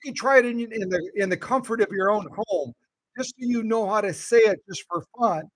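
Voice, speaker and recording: A middle-aged man with a gravelly voice, hosting a casual sewing machine demonstration and playfully quizzing his viewers. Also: high voice, brisk, no room sound, rough recording. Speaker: sewing machine restorer and channel host.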